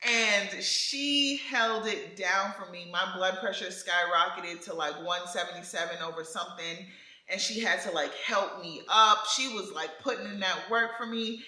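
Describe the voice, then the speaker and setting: Animated laughing woman, echoey room. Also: lowish voice, moderate pace. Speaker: vlogger telling her birth story. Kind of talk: casual storytelling chat.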